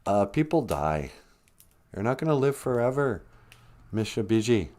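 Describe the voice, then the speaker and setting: Sarcastic, ranting comedy host. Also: male voice, on the low side, sing-song, normal speed, pauses often, a little mellow. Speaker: show host. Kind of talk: comedic live-stream monologue.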